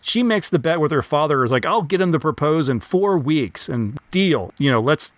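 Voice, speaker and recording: A man co-hosts a podcast, talking through an old film in a relaxed way. He thinks aloud and asks questions, often restarting his sentences. His voice is a little higher than most men's. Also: moderate pace, dry recording. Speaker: podcast co-host. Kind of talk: casual film discussion.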